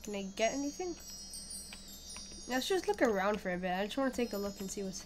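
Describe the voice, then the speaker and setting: A woman's voice: medium pitch, big pitch swings, a little fast, pauses often, a little hiss or hum. A woman giving casual commentary while playing a video game, chatting and reading the on-screen text aloud. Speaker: gamer. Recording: loud game music behind. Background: game music.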